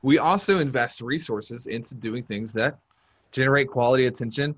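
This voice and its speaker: A man giving a live-streamed marketing workshop, energetic and repeating his key points for emphasis. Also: medium pitch, moderate pace. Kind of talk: live-streamed business seminar talk.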